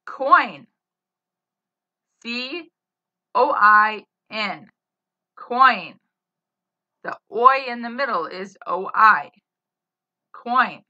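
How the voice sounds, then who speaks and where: A woman teaching spelling, saying each word slowly, spelling it letter by letter and using it in a sentence. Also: a little high, bright, forceful tone. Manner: spells words letter by letter, then gives example sentences. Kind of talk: slow dictation of spelling words. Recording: slightly dull lo-fi sound.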